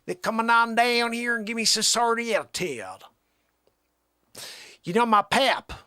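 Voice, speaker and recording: A man voicing a rowdy southern man with a pitchfork, hollering in a put-on American Southern accent. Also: a little slow, sharp tone, smooth, exaggerated voice.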